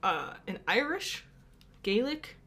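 A woman's voice: on the high side, sing-song, slow, pushed and bright. A woman co-hosting a casual podcast, chatty and laughing often as she talks. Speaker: podcast co-host. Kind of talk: casual chat.

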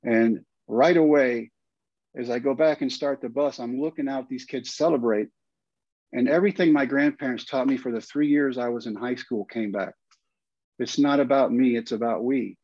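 An animated Texan man in his fifties tells a story and slips into the voices of the people in it. His voice sits at a medium pitch. The sound is dry and a little dull, recorded close in a quiet room. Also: normal speed, dry recording. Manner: animated storyteller, acts out quoted lines. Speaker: guest, former pitcher and coach. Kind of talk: storytelling in a podcast interview.

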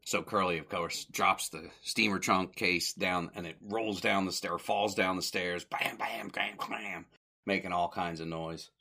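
A man with a fairly low voice and a bright, forceful edge recaps an old comedy short in a loose, conversational way. He rambles, corrects himself and chuckles as he goes. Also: steady tone, normal speed, gravelly, few pauses. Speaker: podcast host.

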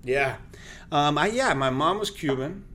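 A man's voice: fairly high pitch, measured pace, slight background noise. A man whose first language is Spanish, a guest actor and radio host, telling stories in an interview and acting out the people in them. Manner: animated, acts out the people in his stories. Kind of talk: lively interview storytelling.

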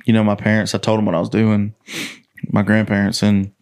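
Animated storytelling man, casual and profane. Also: fairly low pitch, brisk, slight background noise. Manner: animated, swearing, acts out quoted voices. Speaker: podcast host, country singer.

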